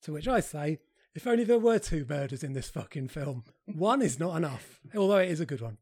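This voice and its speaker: A man's voice: a little high, expressive, a little fast, darkish tone. A man hosting a casual film podcast, wry and sweary as he introduces each film. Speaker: podcast host.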